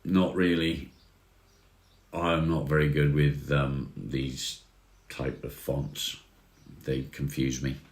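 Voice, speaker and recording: A man with a very deep, low voice chats casually on a livestream, reading comments and answering them in a relaxed, friendly way. The room around him sounds echoey. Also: slow pace, long pauses. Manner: relaxed, chatty, says mate often. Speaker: livestream host.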